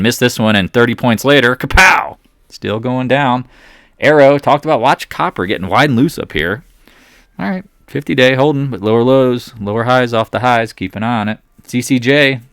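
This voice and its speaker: A man's voice: mid-range voice, a bit bright, no echo, studio quality. Sarcastic man muttering over stock charts. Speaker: market commentator. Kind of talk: casual chart commentary.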